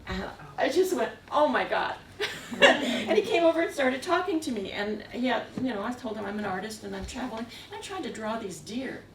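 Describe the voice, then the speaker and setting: A woman's voice: on the high side, lively intonation, brisk, hardly any pauses. A woman artist giving a talk, telling stories in a meandering way with frequent chuckles. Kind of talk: anecdotal storytelling. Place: museum gallery room. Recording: echoey room, distant mic, faint hiss.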